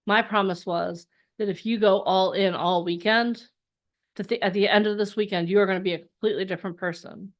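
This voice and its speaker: Animated woman coaching a live workshop. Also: brisk. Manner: energetic, acts out inner voices with big pitch jumps. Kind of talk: motivational workshop talk. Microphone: online call.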